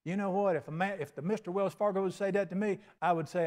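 Folksy preacher, high-pitched man. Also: fairly even intonation, quick pace, hardly any pauses. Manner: folksy preaching with acted-out dialogue and big swings in loudness. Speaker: pastor. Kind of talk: sermon.

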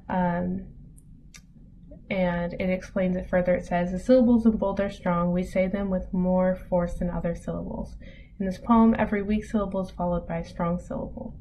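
A woman teaching an online lesson in a relaxed, casual way, with many ums as she reads examples aloud. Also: on the low side. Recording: dull lo-fi audio with faint noise.

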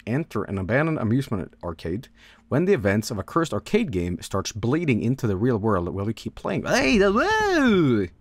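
A man streaming a game casually, rattling off game blurbs quickly and breaking into goofy high squeals. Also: sing-song, husky, no room sound. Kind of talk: casual live-stream commentary.

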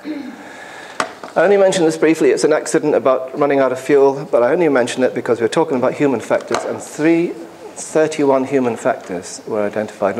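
A man's voice: mid-range voice, darkish tone, a little hiss or hum. A man, an airline pilot, giving a conversational and emphatic conference presentation in a hall, with asides to the audience.

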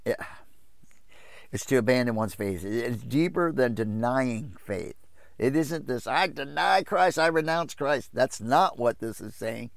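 A man preaching an informal Bible study from his RV, impassioned and quick to mock opposing views in a raised voice. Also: no room sound, studio quality. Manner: impassioned, jumps into mocking high voices to quote others.

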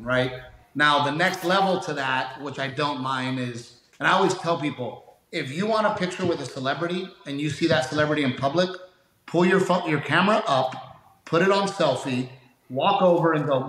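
A man tells stories in a relaxed podcast chat with a fairly high voice, slipping into the voices of the people he quotes. His talk carries some echo from the room around him. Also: normal speed. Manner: animated storyteller, acts out quoted people, laughs often. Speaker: comedian guest. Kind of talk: casual storytelling interview.

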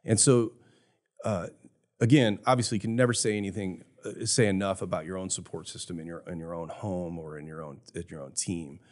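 Fifties man, low voice, sincere and thoughtful, casual podcast talk. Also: fairly even intonation, brisk, a little mellow. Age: 50s. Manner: earnest, reflective, emotional at times. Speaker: jewelry store owner.

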